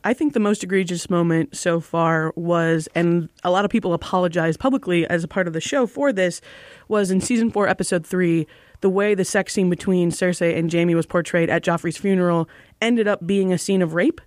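A woman's voice: on the low side, a little fast, darkish tone, dry recording, studio quality. Earnest woman co-host explaining. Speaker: podcast co-host. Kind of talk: casual chat.

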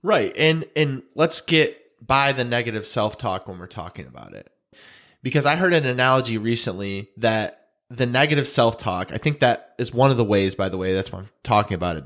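Speaking in a casual podcast chat, this co-host comes across as earnest and emotional and tends to repeat himself. His voice is on the low side with a slightly bright quality.

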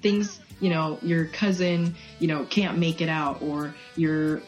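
A woman's voice: sits low, slow pace, soft background music. A woman co-hosting a casual chat, telling anecdotes with fillers and giggles. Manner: chatty, giggly, many fillers. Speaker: podcast co-host.

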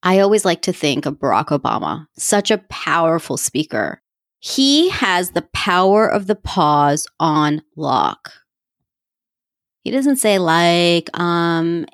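A woman's voice: lowish voice, no echo. Woman podcast host, chatty coaching tone, laughs at herself, dry close sound. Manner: coaching, addresses listeners directly. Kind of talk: casual self-help talk.

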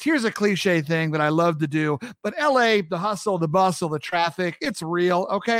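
A man's voice: a little high, a bit bright, no echo, clean studio sound. A man in his thirties from the US East Coast, hosting a casual show and joking with his chat in an upbeat way. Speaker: podcast host.

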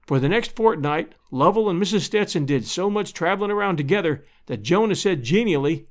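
Expressive high-pitched male narrator. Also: a little fast, hardly any pauses. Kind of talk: audiobook narration.

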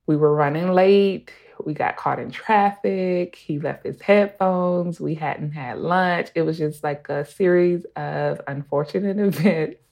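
Low-voiced mom in her 30s telling a story casually, chatty. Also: a little slow, gravelly, hardly any pauses, a little mellow. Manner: casual, conversational, laughs while telling. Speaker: storyteller, mother. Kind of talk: recorded personal story.

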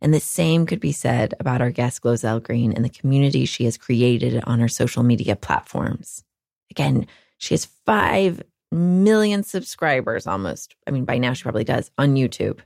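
Woman host, deep gravelly voice, chatty scripted intro, dry close sound. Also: expressive, normal speed, darkish tone, no room sound. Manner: chatty, self-deprecating asides. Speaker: podcast host.

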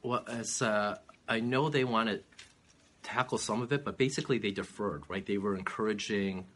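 A man running for office, answering interview questions in a measured, steady way with frequent "uh" fillers. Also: lowish voice, slight background noise. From California. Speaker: political candidate.

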